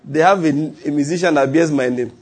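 A man's voice: on the high side, fairly quick, darkish tone. A middle-aged man preaching a sermon as a pastor, emphatic and repetitive, breaking into chuckles.

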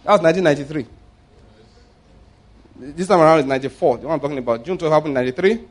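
Middle-aged Nigerian preacher, slightly high voice, storytelling sermon, loud points then quiet asides. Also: male voice, very fast. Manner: anecdotal, swings between loud emphasis and quiet asides.

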